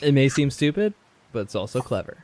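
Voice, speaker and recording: Lively, supportive gaming companion. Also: mid-range voice, a little fast. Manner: supportive, agreeable replies. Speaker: co-player. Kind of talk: casual chat while playing a visual novel.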